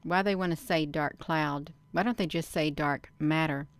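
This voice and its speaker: Her voice deep and smooth at a moderate pace, with no room sound, a woman hosting her channel reads a document aloud and comments casually. She repeats phrases, stresses words and regularly speaks to viewers as "you all".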